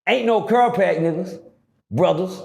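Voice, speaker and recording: A middle-aged man telling a story casually, profane and animated, acting out the dialogue. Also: high voice, measured pace, vocal fry. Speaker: guest storyteller.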